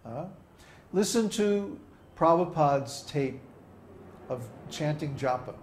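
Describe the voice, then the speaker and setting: Slow-spoken man teaching, roomy echo. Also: medium pitch, darkish tone. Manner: demonstrates chant rhythms aloud, asks "huh?" often. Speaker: spiritual teacher. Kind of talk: informal sermon.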